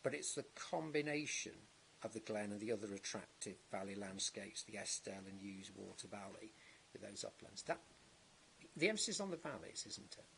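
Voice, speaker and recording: A man cross-examining a witness at a planning inquiry, measured and halting, with many restarts and tag questions. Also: lowish voice, animated, creaky, fairly bright tone, a little hiss or hum. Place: public inquiry hearing.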